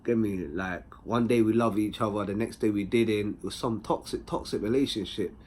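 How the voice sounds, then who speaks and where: A man's voice: fairly low pitch, moderate pace, a little hiss or hum. Slangy young London man telling a story. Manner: slangy, animated, full of tag questions. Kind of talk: casual anecdote.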